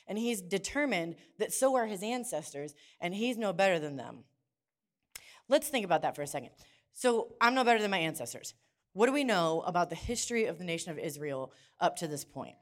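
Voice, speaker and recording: A middle-aged woman preaching in church, telling a lively personal story and acting out the dialogue in hushed and excited voices. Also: fairly low pitch, brisk. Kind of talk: sermon with storytelling.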